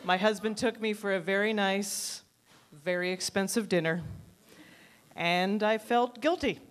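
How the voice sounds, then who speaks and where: A woman in her thirties doing a stand-up comedy routine in a club, telling dry, self-deprecating stories and jumping up in pitch for quoted people. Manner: quick animated voices for quoted people.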